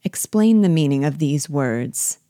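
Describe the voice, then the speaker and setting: A woman's voice: sits low, animated, measured pace, dark tone, no echo, studio quality. A woman reading an audiobook, voicing a cunning, imperious male rebel general who blusters with anger and mock learning.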